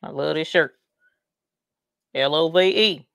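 A woman's voice: sits low, slow pace, gravelly, fairly bright tone, no room sound, studio quality. A woman with a Southern US country accent, chatting folksily while hosting a craft livestream. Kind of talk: casual livestream chat.

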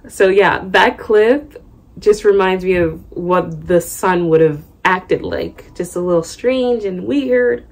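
A woman's voice: medium pitch, darkish tone. A young woman reading a memoir aloud at home, breaking off for chatty asides. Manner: chatty, loose asides between read passages. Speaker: book reader and vlogger. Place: home room.

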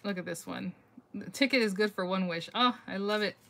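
A woman's voice: mid-range voice, fairly quick, vocal fry, pushed and bright. A middle-aged woman hosting a casual live craft-mail reveal on her phone, chatty and gushing, thinking aloud and laughing often as she answers viewer comments.

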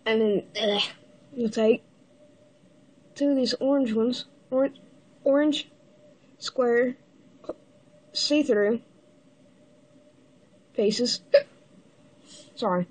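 A woman with the hiccups giving a casual step-by-step building tutorial, halting and pausing mid-step to show the pieces. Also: on the high side, a little mellow. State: has the hiccups. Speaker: toy builder giving instructions.

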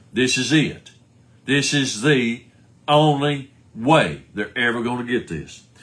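A man's voice: mid-range voice, bright, forceful tone. A man preaching a sermon, firing rhetorical questions and answering them himself while quoting scripture.

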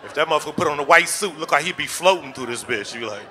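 A man's voice: a little high, lively intonation, racing, bright, forceful tone, a faint crowd, a little hiss or hum. A man performing a crude stand-up comedy set in a comedy club, with loose punchlines and vivid put-on voices.

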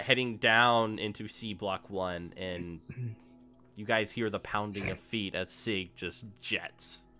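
A man acting as game master, narrating a tabletop horror game in an unhurried way with many pauses. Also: lowish voice, bright, forceful tone. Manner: unhurried scene-setting with frequent "uh" pauses.

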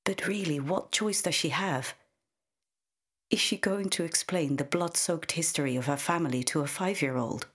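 Low-voiced, husky woman narrating a story. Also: normal speed, fairly bright tone. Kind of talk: scripted narration.

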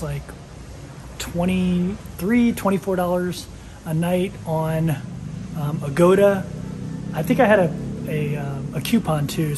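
A man's voice: on the high side, a little mellow, slight background noise. Chatty man vlogging a hotel tour. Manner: chatty, rambling with fillers. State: out of breath. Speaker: travel vlogger. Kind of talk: casual travel vlog. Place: hotel and street in Thailand, walking around.

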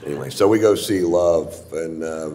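A man performing a stand-up comedy set, telling a crude story in a gruff, deadpan way on a theater stage. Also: a bass voice, normal speed. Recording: live hall with audience noise.

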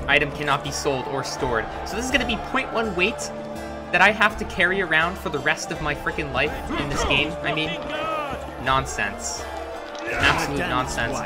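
A man's voice: on the high side, lively intonation, a little fast. A man hosting a let's play, chatting wryly over gameplay while getting over a chest cold. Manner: chatty, wry. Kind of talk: casual gameplay commentary. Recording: voice over game music.

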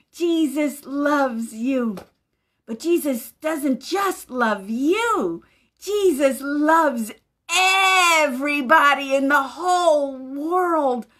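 A woman pastor reads a picture book aloud to young children, her voice bright and high. She takes it unhurriedly, with a gentle, animated lilt, pausing to ask the little ones questions. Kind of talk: children's story time reading.

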